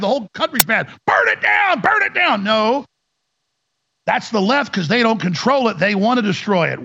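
A man's voice: high voice, creaky, bright, forceful tone, no echo, dull audio. A man hosting a talk radio show, ranting sarcastically and mimicking opponents in mocking voices.

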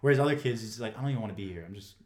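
A man's voice: lowish voice, racing, darkish tone. A young man hosting a casual podcast chat, a youth coach talking in a laid-back, rambling way and laughing often. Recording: roomy echo.

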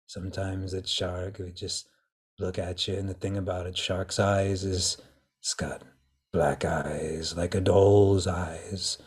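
A man doing an impression of a grizzled old shark hunter, talking slowly and ominously in a low, hushed voice. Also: level tone, breathy edge, exaggerated voice. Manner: slow, low, ominous storytelling, trailing into a whisper. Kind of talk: film character impression in an interview.

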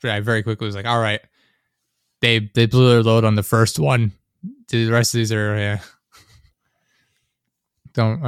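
Young man, casual chat, rambling, animated, dry close sound. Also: lowish voice, clean tone, dry recording. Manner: rambling, animated, quick to act out scenes.

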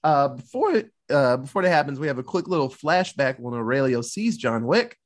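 Speaking fairly quickly in a mid-range, sing-song voice, this podcast co-host recounts a film's plot in a loose, profane way. He keeps dropping into the characters' quotes as he tells it.

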